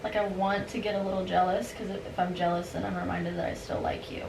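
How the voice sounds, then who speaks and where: A woman's voice: on the low side, flat delivery, fast talker, gravelly. A woman guest in a casual podcast chat, candid and chatty, often saying "like.". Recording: echoey room, distant mic, hiss.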